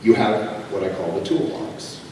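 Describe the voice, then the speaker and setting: A man speaking as a guest on a convention panel, answering audience questions in an animated, joking way. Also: on the low side, a crowd in the background. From Canada. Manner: animated, joking, quick asides. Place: large convention hall. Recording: echoey hall from far off with ambient noise.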